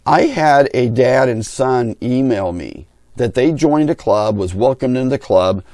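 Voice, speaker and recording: A man's voice: mid-range voice, expressive, unhurried, a little mellow, no room sound, studio quality. A middle-aged man who hosts a hobby channel, telling a story in a blunt, opinionated way. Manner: blunt, opinionated, talks with his hands in words. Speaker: RC pilot and channel host. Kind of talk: candid storytelling rant.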